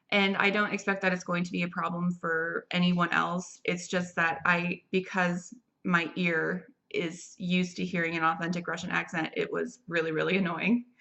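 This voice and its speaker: A woman's voice: lowish voice, vocal fry, pushed and bright, muffled recording. A young adult woman giving a casual, rambling movie review, chatty and full of fillers and restarts. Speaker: film reviewer.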